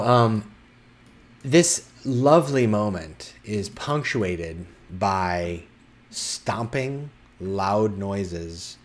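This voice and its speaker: Male game master, lowish voice, halting tabletop narration. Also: a little hiss or hum. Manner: halting, many fillers and restarts.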